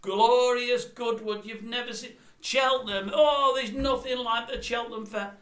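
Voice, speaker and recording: A goofy male TV racing presenter who gushes over every race in a high, sing-song voice, as a grumbling man mocks him. The voice jumps far above the man's own and gets louder in bursts, and the room gives it an echo. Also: steady tone, unhurried. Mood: gushing.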